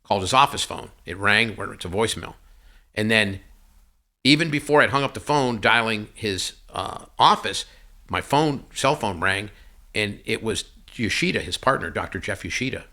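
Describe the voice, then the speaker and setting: A man telling a personal story as a podcast guest, animated and acting out each line of dialogue. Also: lowish voice, moderate pace. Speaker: podcast guest, company CEO. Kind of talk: conversational storytelling interview.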